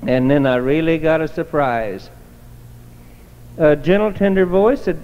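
This preacher speaks at a normal speed in a mid-range voice, sharing a folksy, down-home testimony in a colloquial storytelling style. The sound is dull and lo-fi, echoing in a church hall.

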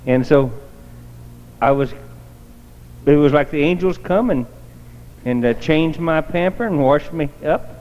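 Folksy preacher, higher-pitched man. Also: measured pace, pauses often, a little mellow. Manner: homespun storyteller, colloquial. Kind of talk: folksy sermon testimony. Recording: dull lo-fi recording in a reverberant church hall.

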